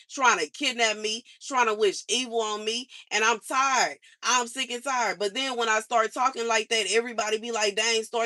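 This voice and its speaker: A woman's voice: a little high, sharp tone. A young woman venting her frustrations on a livestream in casual, slangy speech, complaining over and over.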